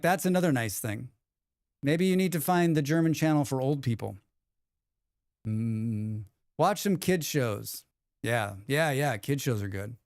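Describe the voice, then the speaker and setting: A man's voice: medium pitch, a little mellow, dry recording, studio quality. A young man chatting casually on a live stream, rambling and reading chat messages aloud, now and then swearing. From United States.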